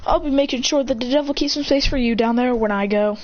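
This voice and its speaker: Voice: medium pitch, fast talker, highs cut off, a little hiss or hum, natural voice. A storyteller voicing a defiant young demon ninja boy who talks back sarcastically. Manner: sarcastic backtalk.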